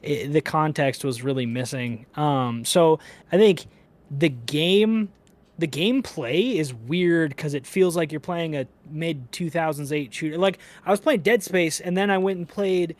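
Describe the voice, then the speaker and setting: A man co-hosting a casual gaming podcast, talking in an animated, profane, ranting way. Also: a little high, measured pace. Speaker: podcast co-host.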